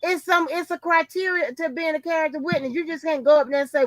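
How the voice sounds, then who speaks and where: A woman hosting a casual chat who is outspoken, expressive and laughs often. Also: extremely high pitch, quick pace, no echo. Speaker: host.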